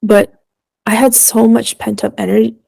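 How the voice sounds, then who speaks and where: Candid young woman with a gravelly edge. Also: on the high side, little pitch movement, a little mellow, no room sound. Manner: candid and emotional, speaking in halting bursts with pauses. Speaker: guest. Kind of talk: personal storytelling in a podcast conversation.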